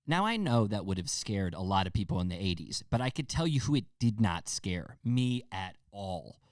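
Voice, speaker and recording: A man's voice: lowish voice, big pitch swings, moderate pace, no echo, studio quality. A young man hosting a podcast, rambling and joking casually with plenty of profanity. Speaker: podcast host. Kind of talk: casual monologue.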